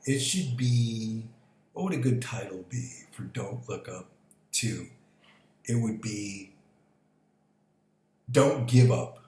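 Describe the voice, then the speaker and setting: A man's voice: on the low side, takes it slowly, darkish tone. A man rambling casually in a vlog, swearing freely and chuckling at his own ideas. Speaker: vlogger. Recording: echoey room with faint background noise.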